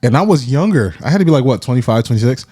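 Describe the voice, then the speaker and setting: Male podcast host, thirties, mellow low voice, lively storyteller, dry close mic. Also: rapid-fire, slightly rough, no echo. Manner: animated, acts out friends' voices in quotes; addresses listeners directly, repeats phrases. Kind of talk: casual storytelling chat.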